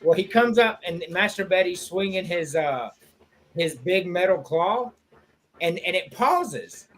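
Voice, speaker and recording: A man's voice: high voice, unhurried. A man co-hosting a casual sports podcast, retelling comedy scenes with lots of swearing and acted-out quotes. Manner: animated storyteller, acts out movie quotes, swears freely. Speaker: podcast co-host. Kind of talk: casual chat.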